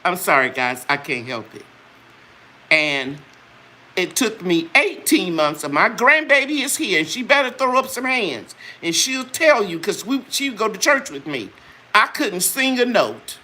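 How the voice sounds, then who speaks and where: An older woman with a medium-pitched, sing-song voice speaks unhurriedly, her tone bright and forceful with a slight hiss or hum. Hosting a live chat to sell her products, she earnestly shares a personal testimony with religious fervor, preaching straight to her viewers before turning to what she sells.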